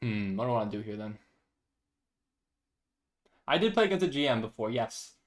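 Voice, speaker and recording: A man's voice: on the low side, big pitch swings, moderate pace. A young man streaming chess, chatting casually, self-deprecating and thinking aloud. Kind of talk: casual live-stream chat.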